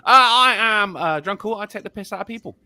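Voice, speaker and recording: A man's voice: high voice, brisk, sharp tone, clean tone, dry recording. An English man chatting as a guest on a casual online show, swearing and laughing through teasing banter. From England. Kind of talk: casual chat.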